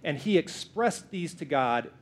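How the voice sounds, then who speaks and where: A man's voice: a little high, a little slow. A man in his thirties, a pastor, preaching a sermon in a church in a playful, joking way. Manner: playful, lively, jokes with the congregation.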